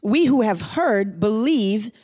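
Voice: mid-range voice, lively intonation, takes it slowly, darkish tone. Pastor delivering a sermon, emphatic and repetitive, reads scripture then explains it. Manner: emphatic preaching with repeated phrases.

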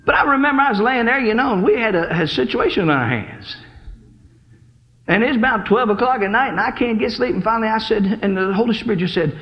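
A man's voice: sits high, animated, quick pace, highs cut off. A man preaching a fervent sermon at a church service, exhorting the congregation.

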